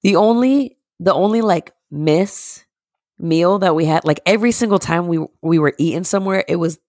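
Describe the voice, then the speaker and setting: A woman co-hosting a podcast in casual chat, telling rambling, animated stories with frequent laughs. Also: lowish voice, normal speed, dry recording, studio quality. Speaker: podcast co-host.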